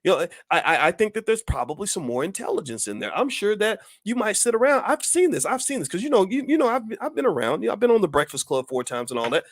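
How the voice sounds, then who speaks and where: A man's voice: high voice, sing-song, fast talker, few pauses, no room sound. A man hosting his own channel, delivering an impassioned opinion monologue full of emphatic rhetorical questions. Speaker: channel host.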